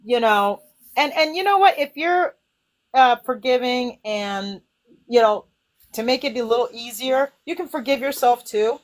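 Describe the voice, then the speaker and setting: A woman hosting a casual spiritual chat, talking in an animated way and acting out inner voices. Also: fairly high pitch, unhurried. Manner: animated, acts out inner voices with sighs and cries. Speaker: host.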